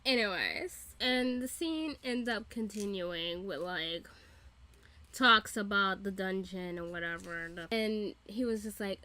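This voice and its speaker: Woman reaction host, swears a lot, laughs often, bright sharp voice, chatty recap. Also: medium pitch, slow. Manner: profane, laughing, animated. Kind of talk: casual TV recap commentary.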